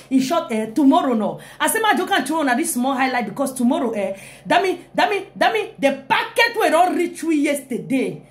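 A young woman, hyping her comic live video in an animated way with frequent exclamations. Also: high-pitched. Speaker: live-stream comedian.

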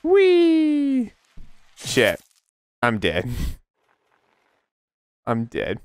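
Male let's-play host, unhurried but panicky, cursing and squealing, clean dry sound. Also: big pitch swings, smooth, no echo. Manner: panicky, swearing, yelps into high squeals. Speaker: gaming video creator.

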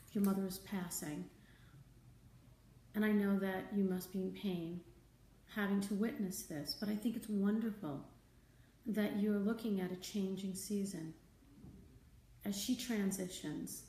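A woman hosting a live stream as a spiritual teacher, talking gently and conversationally, answering viewer comments and repeating her key phrases. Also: mid-range voice, slight background noise. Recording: roomy, distant mic, faint ambience.

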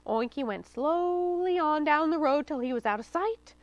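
A woman, a children's librarian, reading a story aloud at storytime in a lively, expressive way. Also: high-pitched, a little fast, hardly any pauses, poor audio. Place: studio taping for local cable TV.

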